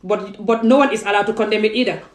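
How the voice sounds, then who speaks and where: In a fast-paced, medium-pitched voice, a young adult woman vlogger makes an emphatic, pleading speech to camera, full of rhetorical questions. A phone or camera facing her captures it in an echoey room with low recording quality.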